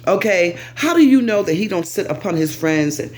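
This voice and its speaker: American woman, vlogger, animated, swooping pitch, talks right to the viewer. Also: moderate pace, few pauses. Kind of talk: casual commentary to camera.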